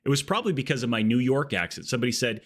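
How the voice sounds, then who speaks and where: A man live-streaming a game, chatting casually in an excitable, joking, rambling way. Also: mid-range voice, rapid-fire.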